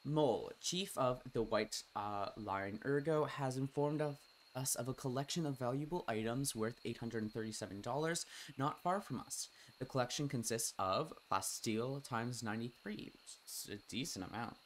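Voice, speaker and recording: A man streaming a colony-building game, chatting and reading out game text, quickly exasperated with his colonists, swearing and then apologizing. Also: medium pitch, a little hiss or hum. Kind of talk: casual gameplay commentary.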